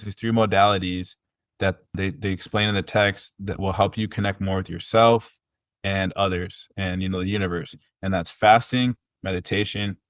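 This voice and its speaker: A man's voice: on the low side, dry recording. A man talking casually and earnestly as a podcast guest, rambling with fillers and restarts. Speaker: podcast guest, personal trainer. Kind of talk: casual conversational storytelling.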